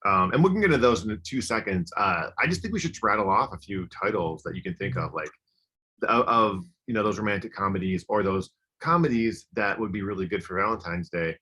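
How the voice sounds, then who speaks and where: A man's voice: on the low side, animated, fairly quick, bright, forceful tone, breathy edge. A man co-hosting a podcast, chatting casually and enthusiastically, rambling with lots of fillers. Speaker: podcast co-host. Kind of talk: casual chat.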